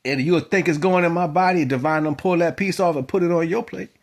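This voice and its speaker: A man giving a spiritual monologue to his viewers, moving from quiet musing to loud, emphatic exhortation. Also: fairly high pitch, fairly quick. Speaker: spiritual vlogger. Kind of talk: preaching monologue to camera.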